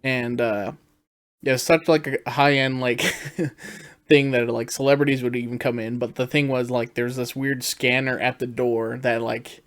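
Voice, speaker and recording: A man co-hosts a podcast, relaxed, asking the others questions and chuckling through his own story. His voice sits at an ordinary middle pitch for a man. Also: unhurried. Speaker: podcast co-host. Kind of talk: casual podcast chat.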